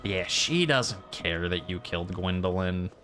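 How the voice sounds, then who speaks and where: A man's voice: deep voice, expressive, unhurried, a bit bright, soft background music. A man streaming a video game, giving casual, rambling commentary and poking fun at himself. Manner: rambling, self-deprecating.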